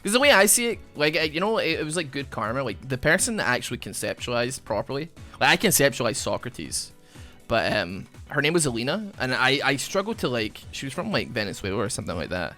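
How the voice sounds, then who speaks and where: A man chatting casually while he plays, his voice bright and forward, swinging widely up and down in pitch as he rambles through a story full of "like"s. Faint music sits underneath. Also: fast. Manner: rambling storyteller, many fillers; animated, bursts of laughter. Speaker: gaming YouTuber. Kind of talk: casual chat over gameplay.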